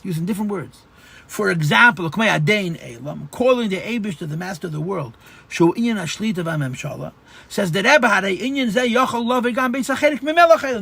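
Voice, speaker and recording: Man, rabbi, Torah class, high voice, husky, explanatory, restarts words. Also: a bit bright. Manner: explanatory, repeats phrases, stammers restarts. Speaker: rabbi teaching Chassidus.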